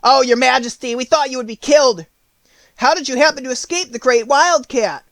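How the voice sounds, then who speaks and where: A man voicing a group of eager little mice in shrill voices for an audiobook. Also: moderate pace, no echo. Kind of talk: audiobook character voice.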